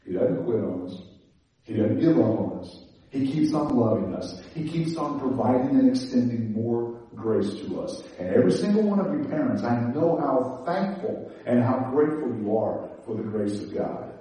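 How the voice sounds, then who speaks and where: A man preaching a sermon in a conversational, animated way, laughing and restarting as he talks. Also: medium pitch, moderate pace, very echoey, recorded from a distance, low-quality recording. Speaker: pastor.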